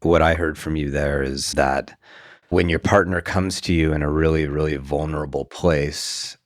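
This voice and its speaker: A man's voice: rumbling low, steady tone, moderate pace, dry recording, clean studio sound. A man co-hosting a relationship podcast, reflecting back and summarizing his partner's points. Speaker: podcast co-host. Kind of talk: relationship advice conversation.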